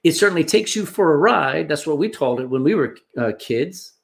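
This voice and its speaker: A male pastor delivers a sermon with a slightly high voice. His pitch leaps and falls in lively swings, and he moves from forceful emphasis to hushed, near-whispered asides. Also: a little fast, vocal fry. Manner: animated preaching, swings between loud emphasis and hushed asides.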